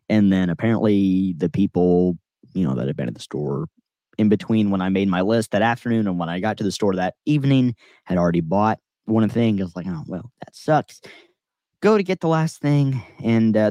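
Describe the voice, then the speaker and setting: A man's voice: fairly low pitch, moderate pace, dark tone, no echo. Dry-sounding man telling rambling stories. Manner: rambling, self-deprecating storyteller. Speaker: podcast host. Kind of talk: casual chat.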